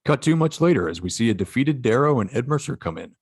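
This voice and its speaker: A man narrating stage directions for a fan-written sci-fi script in a steady, matter-of-fact way. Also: medium pitch, fast talker, husky, no room sound, studio quality. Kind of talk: reading a fan script aloud.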